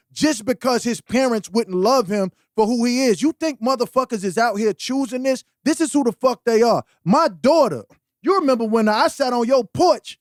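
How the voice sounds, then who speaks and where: A man's voice: very high-pitched, no echo, studio quality. A man co-hosting a podcast in casual chat, blunt, profane and impassioned. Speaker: podcast co-host.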